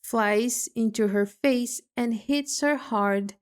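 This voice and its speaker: A woman reading a storybook aloud for English learners in a clear, deliberate way. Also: a little high. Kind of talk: slow read-aloud storybook narration.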